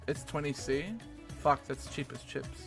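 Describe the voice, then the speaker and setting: Music plays in the background as a New Zealand-accented man rambles through casual game-stream chat, full of fillers and offhand swearing. He speaks a little slowly in a mid-range voice with a completely flat delivery.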